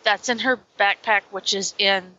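A woman's voice: mid-range voice, fairly even intonation, unhurried, bright, forceful tone. A woman playing a tabletop game, chatty and laughing easily. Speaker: player. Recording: dull lo-fi recording.

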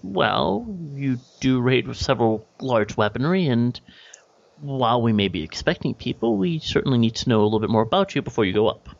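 A man's voice: medium pitch, big pitch swings, brisk, creaky. A man voicing a prim, cautious hotel night clerk with stiff, polite phrasing, on a dull recording. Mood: formal.

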